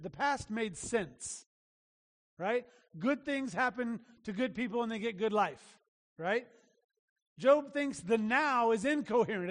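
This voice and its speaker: A man preaching a sermon as a pastor, earnest and emphatic, often restarting his phrases. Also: very high voice. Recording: long reverb of a large hall.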